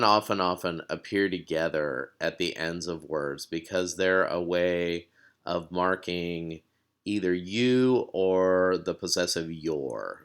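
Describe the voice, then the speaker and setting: A man's voice: sits low, a bit bright, clear, resonant tone. A man teaching a recorded language lesson, explaining patiently with fillers and repeated words.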